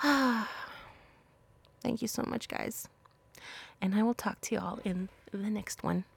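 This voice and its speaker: A woman's voice: medium pitch, fairly even intonation, moderate pace, vocal fry, a little mellow, slightly rough. A woman hosting a solo podcast, giving blunt, profane, sassy advice in a casual monologue. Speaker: podcast host.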